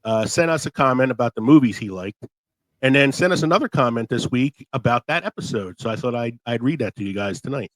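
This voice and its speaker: A chatty male podcast host with a sore, fading throat who keeps the talk rolling and laughs easily. His voice sits at an average pitch and sounds dry and close, with no room sound. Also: expressive, fast, dry recording, rough recording. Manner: talkative, laughs often. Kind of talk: casual podcast chat.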